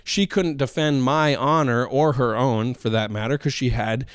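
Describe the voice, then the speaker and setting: Smooth-voiced man telling a goofy story. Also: mid-range voice, moderate pace, no echo, studio quality. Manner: rambling, self-mocking, with goofy asides. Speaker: podcast host. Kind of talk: solo comedic storytelling.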